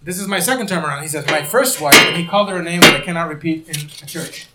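A middle-aged male pastor preaching a sermon in church, telling stories with lively acted-out voices. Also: a little high, quick pace, reverberant, distant mic, very noisy. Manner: animated storytelling, acting out quoted voices.

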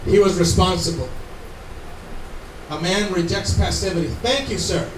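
A pastor with a high voice preaches at a moderate pace, earnest and conversational, breaking off for asides to the congregation. The mic is far away in an echoey room, and there's slight background noise.

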